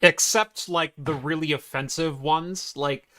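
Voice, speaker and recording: A man co-hosting a casual tech podcast, chatty, with halting restarts. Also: fairly high pitch, steady tone, bright, forceful tone. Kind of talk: casual chat.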